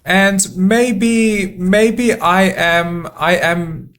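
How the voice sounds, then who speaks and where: A man giving relaxed let's-play commentary, stopping and repeating words as he thinks aloud. He talks extremely slowly in a fairly high voice, and faint room ambience sits behind him. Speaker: gameplay commentator.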